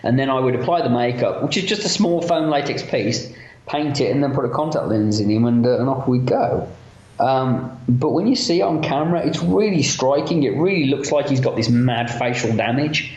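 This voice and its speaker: A chatty man, a makeup effects artist, telling film-set stories in a casual interview and acting out the lines of other people. His voice sits in a middle range. The recording sounds roomy and a little dull. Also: mid-range voice. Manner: chatty and animated, acts out quotes of other people.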